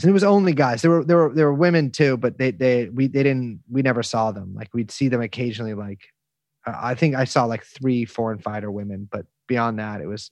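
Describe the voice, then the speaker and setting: A man talks casually as an interview guest, circling back with restarts, fillers and plenty of swearing. His voice sits at a middle pitch and is recorded close and dry, with no room sound. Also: darkish tone, no echo. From United States. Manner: rambling, many restarts and fillers, profane.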